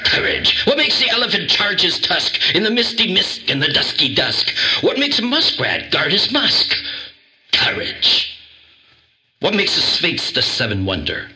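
A man's voice: high voice, wildly swooping pitch, measured pace, pushed and bright, pitched above the performer's own voice, exaggerated voice, poor audio. A man voicing a timid, blustering male lion who boasts in sing-song rhymes about courage. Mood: boastful.

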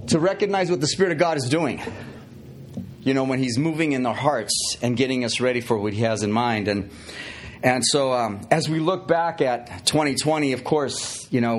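A man's voice: mid-range voice, slight background noise. A man preaching a conversational, playful sermon as pastor, full of fillers and restarts.

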